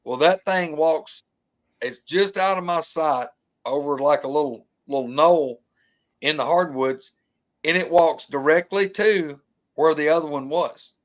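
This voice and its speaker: A man with a drawl recounts a tense outdoor encounter in relaxed, colloquial talk. His voice sits somewhat high for a man. He gets animated and imitates the sounds he describes. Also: measured pace. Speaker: guest telling an encounter story. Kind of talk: casual storytelling.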